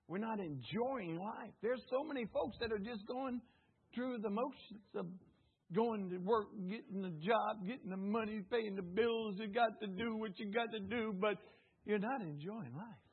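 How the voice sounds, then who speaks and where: A man preaching with a high, husky voice, urging the congregation to answer him back. His delivery jumps between loud exclamations and near-hushed asides. The audio sounds thin and phone-like. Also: normal speed. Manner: fervent preaching with call-and-response prompts to the congregation. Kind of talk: sermon. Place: church service.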